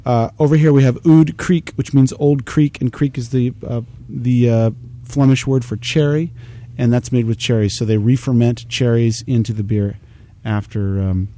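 A man's voice: mid-range voice, steady tone, moderate pace, warm tone. A man hosting a casual beer tasting chat, explaining styles in a knowledgeable, rambling way with fillers. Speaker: beer tasting show host.

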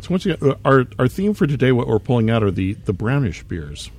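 A man's voice: medium pitch, sing-song, fast talker, a little mellow, slightly rough. A man at a casual beer tasting chat, dropping dry, wry one-liners.

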